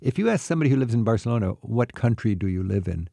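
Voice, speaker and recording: A man's voice: lowish voice, animated, racing, vocal fry, mellow, no echo, studio quality. An older man hosting a travel talk show, reading an intro and then chatting with a guest in a jokey way. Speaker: host. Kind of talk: scripted intro then casual interview.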